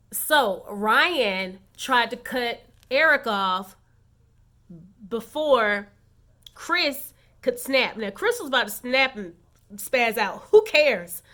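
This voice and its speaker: A woman giving a sassy, animated casual recap of a reality show to her viewers. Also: fairly high pitch. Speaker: recap vlogger.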